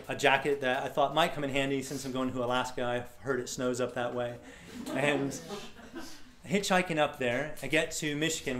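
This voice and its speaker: Animated storytelling man from Florida. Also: mid-range voice, slight background noise. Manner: animated, acts out voices of people in his story. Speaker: speaker. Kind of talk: storytelling talk to a live audience. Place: event room with a live audience.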